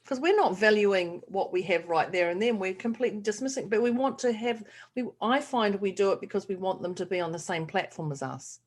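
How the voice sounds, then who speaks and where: A woman co-hosting a casual podcast chat, animated and acting out the voices in her stories. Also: medium pitch, a little fast, few pauses. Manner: animated storyteller, acts out quoted voices. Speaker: podcast co-host.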